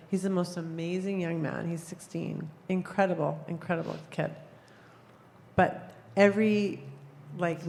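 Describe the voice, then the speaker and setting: Gravelly-voiced woman sharing emotionally. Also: on the low side, a little mellow. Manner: emotional, hesitant, many fillers. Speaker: congregation member sharing. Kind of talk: casual personal sharing. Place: church hall. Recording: long hall reverb with faint background noise.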